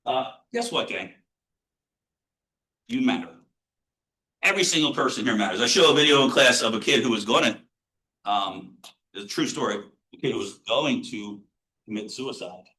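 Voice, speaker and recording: A middle-aged American man, a positive psychology professor, giving an earnest motivational lecture to students, blunt and casual, sometimes swearing, dropping from loud to hushed. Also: medium pitch, poor audio.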